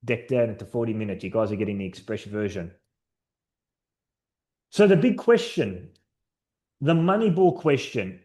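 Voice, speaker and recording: A man's voice: fairly low pitch, expressive, moderate pace, long pauses, dark tone. A man presenting a sales training session to his team over a video call, upbeat and encouraging, telling stories. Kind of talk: live online training session.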